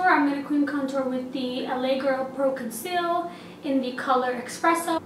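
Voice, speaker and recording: A young woman narrating a makeup tutorial in a chatty, upbeat, gushing way, recorded in a small apartment. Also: sits high. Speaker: makeup vlogger. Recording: echoey room, distant mic, faint hiss.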